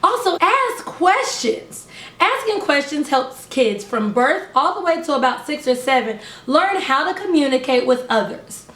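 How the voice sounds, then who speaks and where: A young woman, a preschool teacher, giving an upbeat lesson to parents in a slow, carefully over-enunciated way. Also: high voice, sing-song, fairly bright tone, reverberant. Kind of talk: instructional talk to camera.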